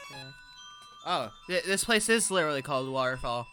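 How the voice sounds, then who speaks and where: A woman's voice: low voice, big pitch swings, fairly quick, music in the background. A woman gamer giving casual commentary as she plays, chatty and self-mocking, gasping and stammering as she reacts. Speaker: gamer playing on camera.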